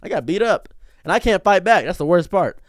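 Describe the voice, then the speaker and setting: Lively sarcastic male streamer. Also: brisk. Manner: mock-macho, swinging from booming to muttered. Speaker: streamer and commentator. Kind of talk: sarcastic comedic rant.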